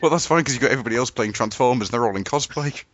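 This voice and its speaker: A man hosting a casual podcast chat, playful and quick to laugh. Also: mid-range voice, dry recording, highs cut off. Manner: playful, laughing, lively delivery. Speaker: podcast host.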